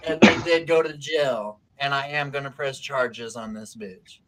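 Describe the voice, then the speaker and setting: A man's voice: a little high, slow pace. A man casually telling a wild story on a talk stream, swearing a lot and acting out what people said. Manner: profane, animated, acts out quotes.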